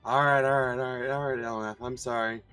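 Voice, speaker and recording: A man's voice: medium pitch, level tone, a little fast, sharp tone, smooth, no room sound, faint music behind, lightly acted. A man voicing an adventurer woman who apologizes sheepishly.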